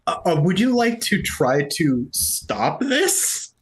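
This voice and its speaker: A man with a slightly high voice runs a tabletop game as game master. He narrates loosely, with restarts, chuckles and a faint hiss behind him. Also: big pitch swings, slow pace. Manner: loose, rambling narration with frequent restarts and laughter.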